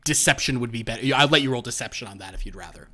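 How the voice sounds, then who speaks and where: A man's voice: medium pitch, very fast, sharp tone. A man running a tabletop horror game as game master, chatty and laughing between lines.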